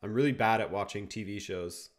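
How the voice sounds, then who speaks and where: This is a brisk, low-voiced young man from Canada running a live watchalong. Easygoing throughout, he picks up viewer questions and comments on the game as it unfolds.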